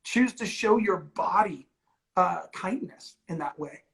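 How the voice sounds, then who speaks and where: A man's voice: high voice, lively intonation, measured pace, vocal fry, fairly bright tone, poor audio. A man and ministry leader talking candidly and earnestly, with many "like"s and "you know"s. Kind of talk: candid conversational talk.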